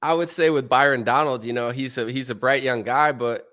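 A man's voice: mid-range voice, steady tone, a little fast, a bit bright. Joking, sarcastic male podcast host. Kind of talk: casual political chat.

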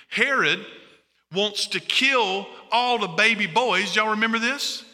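Animated preacher in a reverberant hall. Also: male voice, high-pitched. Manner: animated, asks the congregation questions. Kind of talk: sermon.

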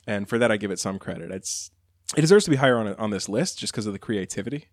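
A man's voice: lowish voice, lively intonation, fast, dry recording, studio quality. A man co-hosting a podcast, chatting casually and enthusiastically about songs. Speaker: podcast co-host. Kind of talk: casual chat.

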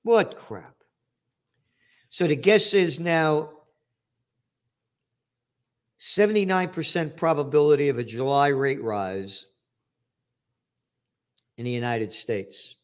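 Older man, ranting commentary, profane, sarcastic, slightly high voice. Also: slow pace, long pauses. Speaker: trend forecaster host. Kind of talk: angry commentary monologue.

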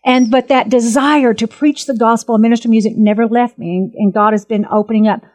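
An earnest woman in her fifties gives her personal testimony as a minister. Her voice sits fairly high, and she talks emphatically and animatedly as she retells events. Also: fairly even intonation, a little fast, darkish tone. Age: 50s.

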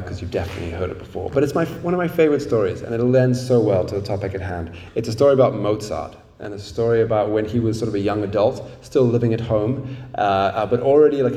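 A man giving a sermon to a small evening gathering, telling a story in a relaxed way with frequent fillers. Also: lowish voice, echoey room, far from the mic. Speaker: preacher. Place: meeting room at an evening gathering.

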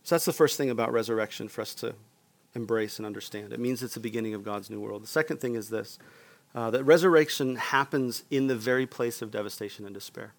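A man's voice: mid-range voice, fast, gravelly. A man preaching a sermon as a pastor, earnest, often asking the room for a response.

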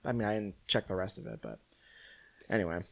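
A man's voice: fairly low pitch, very animated, a little fast, gravelly. A man from California co-hosting a casual movie chat, rambling with many restarts and fillers. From San Fernando Valley, California. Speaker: podcast co-host.

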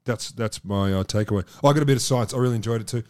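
A man co-hosting a podcast, cracking wry, deadpan jokes. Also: mid-range voice, racing. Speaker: podcast co-host. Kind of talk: casual chat.

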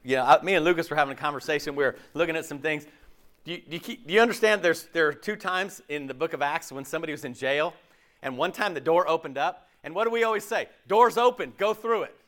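A man's voice: fairly high pitch, quick pace, fairly bright tone. A pastor preaching a conversational sermon, acting out quoted voices as he goes.

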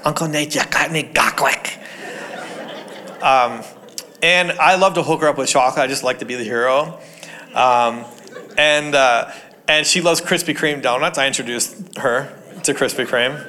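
A young man giving a sermon, telling funny family stories and laughing often as he makes his point. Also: a little high. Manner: jokey, animated, laughs at his own stories. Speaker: pastor. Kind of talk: sermon with personal storytelling.

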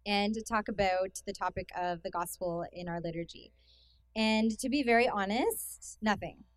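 A dry recording captures a young Canadian-accented woman's mid-range voice as she gives a casual talk to a youth conference. As a guest speaker before an audience in a hall, she comes across chatty and self-deprecating, with many fillers.

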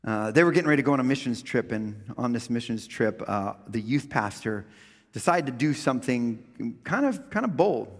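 A middle-aged male pastor preaching with comic storytelling, swinging from loud funny voices to quiet reflection. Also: medium pitch, expressive, moderate pace. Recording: long hall reverb.

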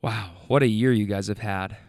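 A rideshare driver with a lowish, darkish voice speaks at normal speed with fairly even intonation. He earnestly recounts a ride in his car and tends to get choked up when speaking from the heart. The recording is dry and sounds clean, like a studio.

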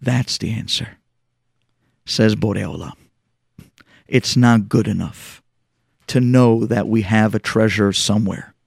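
A man, a rabbi, telling a story, acting out the dialogue and swinging between hushed lines and shouts. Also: on the low side, measured pace, creaky, long pauses, slightly rough, dry recording, studio quality. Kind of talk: sermon storytelling.

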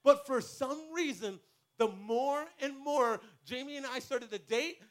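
A man's voice: very high-pitched, unhurried. A man speaking at a youth camp, telling a comic personal story and acting out the voices in it. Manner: animated, acts out the voices in his stories.

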